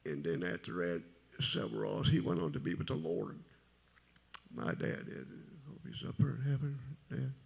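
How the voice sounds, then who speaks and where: A middle-aged man with a very deep, gravelly voice, telling his testimony at a church service in a halting, rambling way. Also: big pitch swings. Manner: rambling, halting, folksy storytelling. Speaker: testimony speaker.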